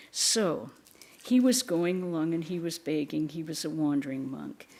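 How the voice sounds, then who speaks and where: A woman giving a spiritual talk in a temple, telling stories gently, with soft laughs and quiet asides. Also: low-pitched, moderate pace. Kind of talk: sermon.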